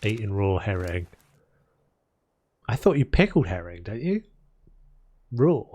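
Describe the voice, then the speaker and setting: A man's voice: lowish voice, very animated, measured pace, noisy background. A man streaming a video game, chatting casually and rambling between topics as he builds. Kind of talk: casual chat while playing.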